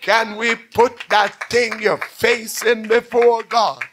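A man preaching a call-and-response sermon, swinging from shouts to near-whispers as he tells stories. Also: sits high, fairly even intonation, slow pace, music in the background.

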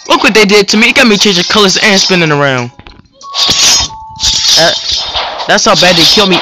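Young male gaming host, excitable slang trash talk, animated delivery, loud game music underneath. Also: high-pitched, normal speed, pauses often, rough recording. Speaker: gaming YouTuber. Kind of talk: casual gameplay commentary.

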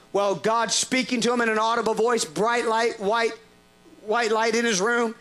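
A male preacher telling a lively story in a sermon, laughing often and restarting his sentences. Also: very high-pitched, fairly quick.

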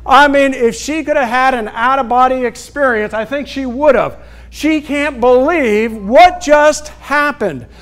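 A man's voice: very high voice, fairly bright tone. A male pastor preaching a sermon, acting out scripture scenes and calling out to the congregation for responses. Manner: preaching with call-and-response asides; acts out scripture scenes in quick bursts.

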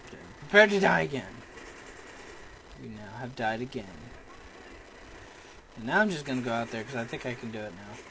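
A man's voice: medium pitch, fairly quick, pauses often, a little hiss or hum, rough recording. A young man commenting on a shooter game as he plays, muttering and bursting out in frustration. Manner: excitable, frustrated muttering and outbursts. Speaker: gamer. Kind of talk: let's play commentary.

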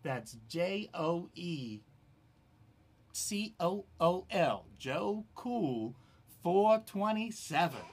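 Slow, laid-back man rambling to camera. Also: on the high side, gravelly. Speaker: YouTube channel host. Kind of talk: casual camera review vlog.

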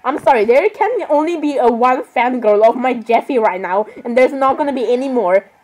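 A young woman with a fairly high voice gives casual gaming commentary. She rambles and sounds exasperated with the other players. She keeps apologizing as she talks. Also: animated, moderate pace, darkish tone, low-quality recording. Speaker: gaming vlogger.

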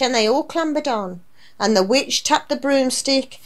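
Woman, children's story reading, rhyming, fairly high voice. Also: a little slow. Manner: rhyming, animated delivery. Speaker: radio presenter reading a story.

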